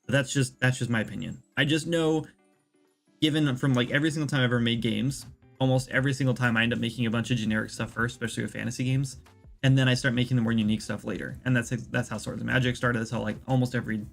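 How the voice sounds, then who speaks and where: Faint, soft music runs beneath an indie game developer's casual livestream as he talks fast through his ideas. His mid-pitched voice is gravelly with vocal fry and fairly even intonation, and he rambles, circles back and leans heavily on fillers while thinking aloud.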